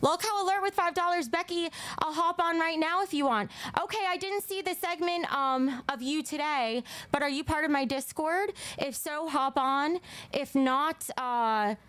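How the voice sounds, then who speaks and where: A woman's voice: high voice, moderate pace, fairly bright tone. A woman hosting a casual home livestream, chatting with viewers and her cats, sometimes out of breath. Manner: chatty, reads donations aloud, talks to her cats. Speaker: livestream host.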